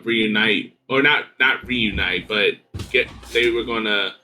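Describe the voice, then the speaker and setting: A man's voice: fairly low pitch, measured pace, sharp tone, faint music behind. A man co-hosting a podcast in casual chat, often hesitant and trailing off mid-thought. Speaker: podcast co-host.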